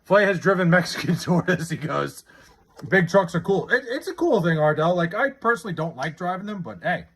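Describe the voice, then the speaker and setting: A man's voice: high-pitched, lively intonation, a little fast, a bit bright, husky. A young man streaming live, chatting casually and bluntly with his chat, swearing a lot as he answers their questions.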